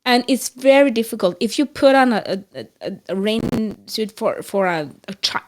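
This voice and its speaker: A middle-aged woman, co-hosting a podcast and telling an animated story with restarts and laughter. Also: a little high, moderate pace, hardly any pauses. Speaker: podcast co-host. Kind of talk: casual chat.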